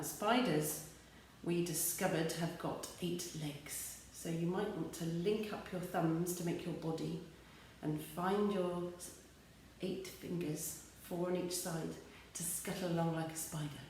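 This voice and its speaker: A woman's voice: lowish voice, measured pace, a little mellow, far from the mic, a little hiss or hum. An English woman, an early years teacher, leading young children through simple action songs in a sing-song, encouraging way. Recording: echoey room with light music.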